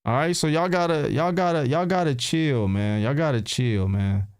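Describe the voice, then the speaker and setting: A man's voice: on the high side, normal speed, dry recording, clean studio sound. Man firing questions at his livestream chat. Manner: repeats himself and fires rhetorical questions at viewers; loose slangy street talk. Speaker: livestream host answering chat. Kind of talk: casual livestream commentary.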